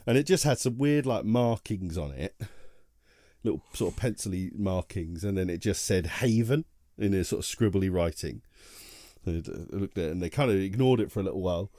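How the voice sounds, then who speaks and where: Low, mellow man telling a story. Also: lively intonation, brisk, no echo, studio quality. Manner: rambling anecdotal storytelling with frequent restarts. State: tired. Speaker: podcast co-host. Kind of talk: casual chat.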